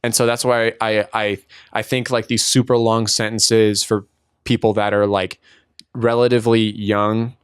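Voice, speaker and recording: A man's voice: lowish voice, flat delivery, measured pace, smooth, dry recording, clean studio sound. A man co-hosting a podcast in casual chat, agreeable and chiming in often. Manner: agreeable, chimes in with backchannels. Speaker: podcast co-host.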